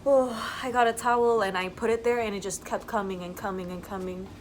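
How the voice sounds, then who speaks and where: A young woman chatting casually to the camera while in labor, giggly and excited, pausing through contractions. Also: medium pitch, a little hiss or hum, poor audio. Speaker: vlogger. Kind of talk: casual vlog chat.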